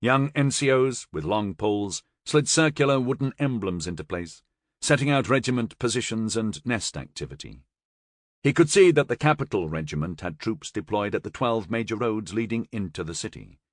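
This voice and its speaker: Reading scripted narration for an audiobook, a male narrator tells the story expressively at a moderate pace, his pitch fairly low. The audio is dry and studio quality.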